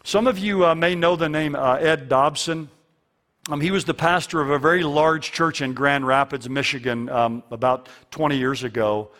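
A man's voice: a little high, normal speed, fairly bright tone. A man preaching a sermon as a pastor, earnest and fond of repeating key lines for emphasis.

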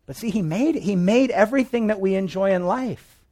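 A man preaching a conversational sermon, his voice a touch higher than most men's. He shifts between loud emphatic phrases and quiet, muttered asides, and he leans on vivid everyday illustrations. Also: fairly quick. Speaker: pastor.

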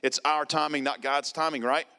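A man's voice: on the high side, steady tone, moderate pace, sharp tone, smooth. A man preaching, telling a personal testimony emphatically, with lots of repetition. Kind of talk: sermon testimony.

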